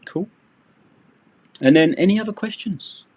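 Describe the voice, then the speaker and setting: A middle-aged English teacher runs a live-streamed lesson, explaining phrasal verbs and idioms in a loose, joking way with frequent sarcastic asides. His voice is high, unhurried, darkish and slightly rough.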